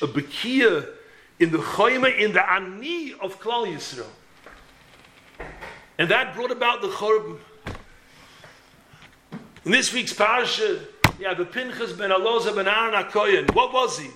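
A man's voice: high-pitched, sharp tone, slight background noise. A man giving an impassioned sermon as a rabbi, building to emphatic peaks. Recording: roomy echo.

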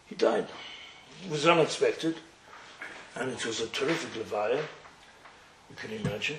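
A man's voice: medium pitch, normal speed, pauses often. A man giving a storytelling Torah lecture, acting out the characters' dialogue with humorous asides. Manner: animated, acts out dialogue in voices, humorous asides. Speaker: Torah teacher. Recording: echoey room with faint noise.

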